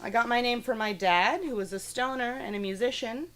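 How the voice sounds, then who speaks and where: A woman's voice: fairly high pitch, brisk, fairly bright tone, slight background noise. A young woman doing a stand-up comedy set on a small studio stage, brash and profane, laughing at her own jokes. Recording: live audience clearly audible.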